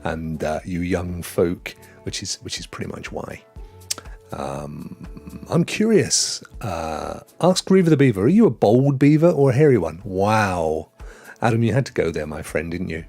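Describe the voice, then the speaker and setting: A man's voice: low-pitched, big pitch swings, a little slow, vocal fry, a little mellow, soft background music. A man hosting a live gaming stream, chatting and joking with viewers in a rambling way. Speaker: gaming show host.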